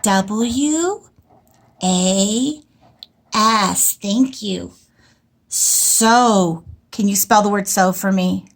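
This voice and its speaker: A woman with a mid-range voice teaches writing to young children, speaking slowly in a lilting, sing-song way and drawing out her words.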